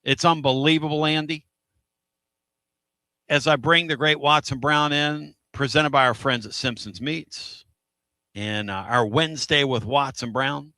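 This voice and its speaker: Radio host guy, loud and bright, rambly and excited, dry close mic. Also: mid-range voice, measured pace, no room sound. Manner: energetic, rambling, laughs often. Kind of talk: excitable sports radio chat.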